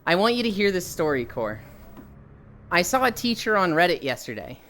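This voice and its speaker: A woman's voice: lowish voice, very animated, normal speed, a bit bright, slight background noise. A young woman livestreamer chatting casually and telling stories, often breaking into laughter. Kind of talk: casual chat.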